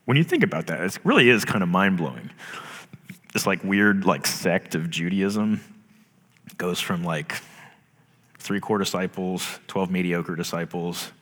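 A pastor with a low, fairly bright voice and lively intonation preaches at an unhurried pace. His sermon is casual and conversational, packed with fillers and laughs, and carries a long hall reverb.

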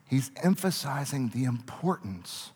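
A man preaching a sermon as a pastor, earnest, shifting between quiet reflection and forceful emphasis. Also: medium pitch, sing-song, a little slow, breathy edge. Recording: long reverb of a large hall.

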